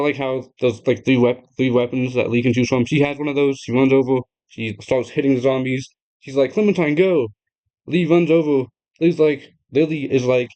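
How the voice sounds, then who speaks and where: A young man casually retelling a game's story to his viewers, excitable and chatty, laughing often and swearing freely. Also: fairly high pitch. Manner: chatty, addresses viewers directly. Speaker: gaming video creator.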